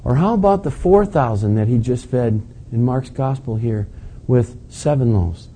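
A man's voice: mid-range voice, expressive, normal speed, dark tone, slight background noise, low-quality recording. A man preaching a sermon as pastor, reading scripture and asking the congregation rhetorical questions with rising emphasis.

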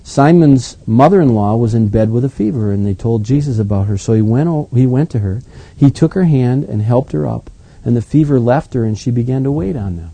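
A man acting as pastor, reading scripture aloud and then commenting on it in a relaxed, conversational way. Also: mid-range voice, a little fast, gravelly, husky, dry recording, low-quality recording. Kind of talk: Bible reading with sermon commentary.

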